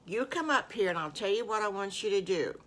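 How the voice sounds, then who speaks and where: An older woman voicing a kind, calm first-grade teacher in a children's story, gentle and reassuring. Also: mid-range voice, a little fast, lightly acted.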